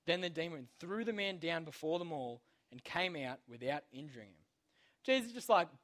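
A man's voice: fairly high pitch, expressive, normal speed, fairly bright tone. A young man giving a casual, slangy Bible lesson to children, constantly checking in with "okay?". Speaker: youth Bible teacher.

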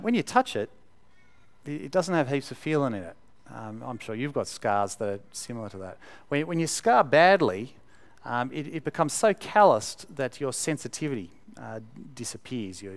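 A man preaching a sermon, his voice at a middle pitch for a man. He talks conversationally, with plenty of fillers and restarts, then leans hard on key phrases for emphasis.

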